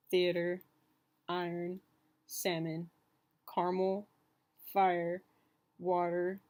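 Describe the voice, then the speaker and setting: A woman's voice: fairly low pitch, a little mellow. A young woman with a Southern Californian accent, chatting casually from bed into her laptop as she reads an accent-tag word list. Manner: chatty and giggly, filler-heavy. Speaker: vlogger. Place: in bed at home. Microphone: laptop mic.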